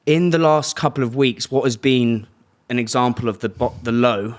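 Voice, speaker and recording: A man's voice: medium pitch, moderate pace. Laid-back, sweary male podcast host. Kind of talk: casual podcast conversation.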